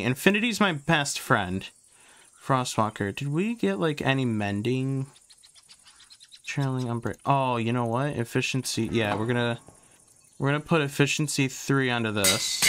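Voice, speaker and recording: A young man giving casual gameplay commentary as he sorts items and talks to himself, trailing off into fillers, and he gets loud and excitable once a fight starts. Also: mid-range voice, slight background noise. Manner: excitable, yells taunts when a fight starts. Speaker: gaming YouTuber.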